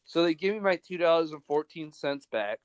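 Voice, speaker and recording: A man's voice: a little high, expressive, a little fast, clean tone, dry recording. A young man hosting a podcast, telling stories in a rambling, profane, casual way. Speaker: podcast host. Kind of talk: casual chat.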